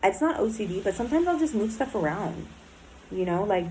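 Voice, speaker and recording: A woman's voice: mid-range voice, sing-song, brisk, a little mellow, a little hiss or hum, poor audio. A woman in a recovery program speaking in a candid personal diary talk, blunt and emotional, swearing often and filling her speech with "like" and "um".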